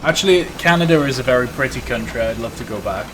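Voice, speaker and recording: A man's voice: medium pitch, lively intonation, fast. A Welsh man hosting a live stream, chatting casually in a rambling, jokey way and reading out viewer comments. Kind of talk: casual live-stream chat while playing. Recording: noisy background.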